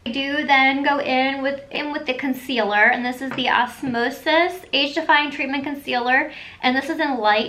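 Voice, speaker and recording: Woman, 30s, high pitch, casual beauty tutorial at home, upbeat and chatty. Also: sharp tone. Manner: chatty and enthusiastic, quick asides. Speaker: beauty vlogger.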